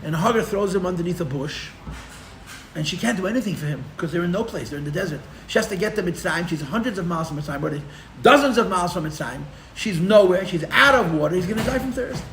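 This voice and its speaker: A man teaching a live Torah class as a rabbi, telling the story with animated, sarcastic humor and mixing in Hebrew and Yiddish terms. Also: sits high, fast talker, roomy sound, a little hiss or hum. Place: room for a live-streamed class.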